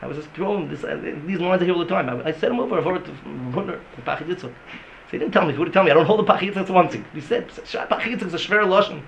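Emphatic gravelly man lecturing a room. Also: racing, muffled recording, a little hiss or hum. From United States. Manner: swings from loud emphatic bursts to low intimate talk. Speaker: religious teacher. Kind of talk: religious lecture to a live room. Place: room with listeners.

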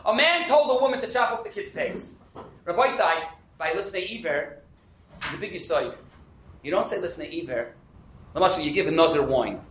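A man teaching a Talmud class, animated and quick, fielding questions and dropping in Hebrew and Yiddish terms. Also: a little high, reverberant, a little hiss or hum, rough recording. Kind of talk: interactive class lecture.

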